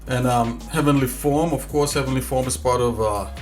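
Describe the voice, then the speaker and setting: Male livestream host, casual rambling chat, filler-heavy, medium pitch, soft music underneath. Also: normal speed. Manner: easygoing, rambling, with many fillers. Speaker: livestream host and game developer.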